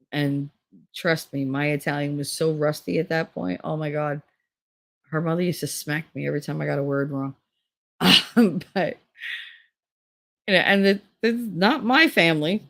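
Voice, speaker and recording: A woman in her fifties with a low, gravelly voice, chatting to camera. She rambles through stories, swears freely and laughs often. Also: a bit bright. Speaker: channel host. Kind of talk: casual storytelling.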